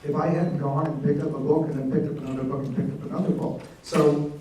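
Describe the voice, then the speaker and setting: Animated storytelling man in an echoey hall. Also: on the high side, fast talker. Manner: animated, comic storyteller acting out voices. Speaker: author at a library event. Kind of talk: storytelling talk on stage. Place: large hall, live audience. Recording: echoey hall, mic from a distance.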